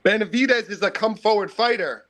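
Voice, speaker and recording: A man calling in to a boxing stream, breaking down fighters in relaxed slang. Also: high voice, fairly quick. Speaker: caller. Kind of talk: casual call-in chat.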